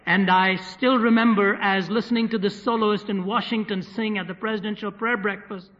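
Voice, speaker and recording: A man with a high, fairly bright voice preaches to a live audience at a moderate pace and steady tone. His sermon tells vivid stories with touches of humor, on a dull recording in a reverberant hall.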